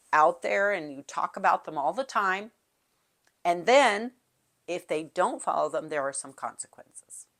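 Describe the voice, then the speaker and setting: A woman's voice: on the low side, a bit bright. A middle-aged woman music teacher talking through classroom tips in a chatty way, singing out short call-and-response rhythms as she goes. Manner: chatty, demonstrates calls and rhythms aloud.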